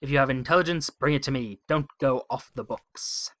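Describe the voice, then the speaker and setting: A man voicing a stern, gruff male naval admiral who speaks in curt, snapping lines while reading a game aloud. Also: medium pitch, normal speed, a bit bright, no echo, natural voice. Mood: disapproving.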